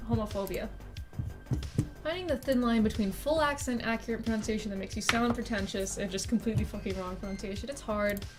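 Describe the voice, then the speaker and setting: A woman's voice: on the high side, a little fast, over music. Rambling swearing woman streamer. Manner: rambling, self-deprecating, swears freely. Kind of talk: casual live-stream chat.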